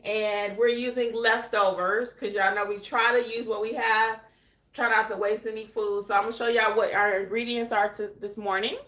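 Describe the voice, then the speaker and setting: A woman's voice: a little high, steady tone, normal speed, fairly bright tone, roomy sound. A woman hosting a casual cooking vlog at home, chatting to viewers as she shows her ingredients. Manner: chatty, addresses viewers as y'all. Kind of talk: casual cooking demo chat. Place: home kitchen.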